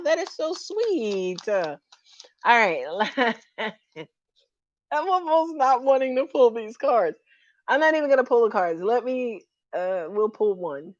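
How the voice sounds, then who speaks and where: A chatty, frank woman reads tarot for her viewers in a playful, loose way, swearing freely as she goes. Her voice sits at a middle pitch. The sound is slightly dull and lo-fi, and very dry. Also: no room sound. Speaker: tarot reader. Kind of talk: casual tarot reading to viewers.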